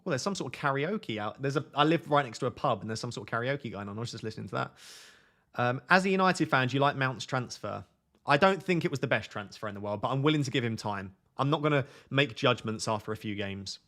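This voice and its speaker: A man's voice: medium pitch, lively intonation, fast, a bit bright. A man hosting a live fantasy football stream from home at night, reading chat aloud in a jokey, self-mocking way.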